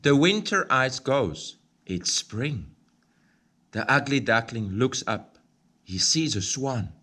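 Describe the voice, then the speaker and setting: A man reading a children's picture book aloud, slow, clear and expressive. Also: medium pitch. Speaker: storybook reader.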